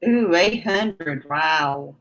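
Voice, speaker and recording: Her voice is low-pitched yet fairly bright and animated as she hosts a laid-back live stream. Drawing her words out and laughing often, she chats away with viewers.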